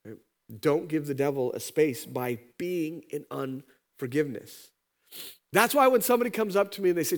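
A pastor giving a sermon, telling a parable and voicing its characters with sudden high-pitched lines. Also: male voice, fairly quick. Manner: animated, acts out parable characters with pitch jumps.

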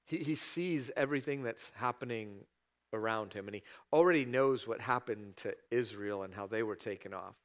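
A man preaching a conversational sermon, reading scripture and voicing prayers and God's replies with sudden raised, higher bursts. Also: normal speed. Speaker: pastor.

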